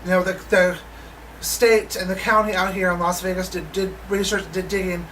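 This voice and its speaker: A woman vlogger telling a story in a casual, animated way, acting out the people she quotes and swearing now and then. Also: on the low side, normal speed, distant mic, slight background noise, rough recording. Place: living in Las Vegas.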